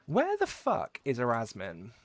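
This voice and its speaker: An Englishman with a touch of Midlands in his accent rambles and swears a lot while chatting casually on a gaming livestream. His mid-range voice swings hugely in pitch, at a measured pace.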